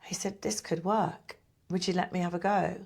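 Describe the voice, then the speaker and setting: A middle-aged woman and pantomime performer chatting in an interview, telling lively stories and acting out what people said. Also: lowish voice, normal speed. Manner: chatty, animated storyteller who acts out quotes. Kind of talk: casual interview chat.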